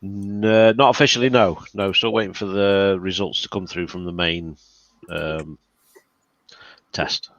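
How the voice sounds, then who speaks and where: Deep gravelly man on a dull mic. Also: fairly even intonation, measured pace, fairly bright tone, no room sound. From United Kingdom. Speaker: co-host. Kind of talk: casual chat on a livestream. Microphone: computer mic.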